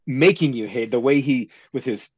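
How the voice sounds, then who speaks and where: A man talking as a podcast guest, animated and laughing, swearing freely. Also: mid-range voice, moderate pace, husky, dull audio. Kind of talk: casual movie discussion.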